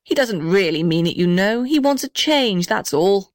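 A woman's voice: mid-range voice, lively intonation, normal speed, no room sound, studio quality, natural voice. Woman playing a stern old gum tree. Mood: kindly. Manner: severe, stiff, dignified. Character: old male gum tree, stern but kind-hearted.

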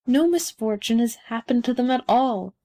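A woman's voice: fairly high pitch, expressive, moderate pace, warm tone. A woman voicing a dry, sardonic Roman Candle firework in a storybook reading, cutting and matter-of-fact.

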